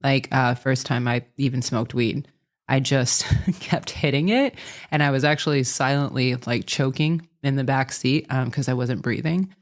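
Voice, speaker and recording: A woman's voice: very deep voice, moderate pace. Woman, forties, podcast guest, chatty, filler-heavy storytelling. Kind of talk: casual storytelling interview.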